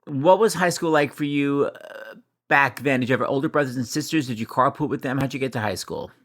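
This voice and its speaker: A man's voice: mid-range voice, brisk, no echo, clean studio sound. A man hosting a podcast, chatting casually and telling jokey stories. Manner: animated, jokey storytelling. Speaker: podcast host. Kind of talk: casual chat.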